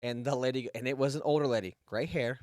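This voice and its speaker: A man in his thirties tells a rambling story on a podcast, with frequent swearing and false starts. His voice sits at an ordinary middle pitch. The sound is dry and close, with no room echo. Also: fast talker, darkish tone. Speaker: podcast co-host. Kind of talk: casual storytelling.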